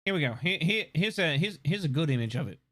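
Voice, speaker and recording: A man's voice: on the high side, fast. A man streaming live, chatting casually and animatedly with lots of swearing and laughter. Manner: animated, profane, laughing often.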